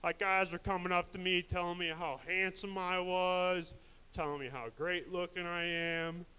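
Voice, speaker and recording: A man's voice: sits high, flat delivery, normal speed, bright, forceful tone, clean tone, rough recording. A young man doing a crude, rambling stand-up set at a live open mic, mocking himself along the way.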